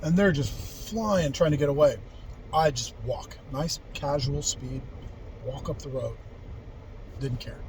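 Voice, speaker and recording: A man in his forties tells a story from his own youth in a loose, rambling way. His voice sits a little on the high side, and he swears freely and restarts his sentences. A faint hum of background noise runs underneath. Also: a little slow. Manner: rambling and candid, with frequent profanity and restarts. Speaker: vlogger telling life stories. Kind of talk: casual personal storytelling.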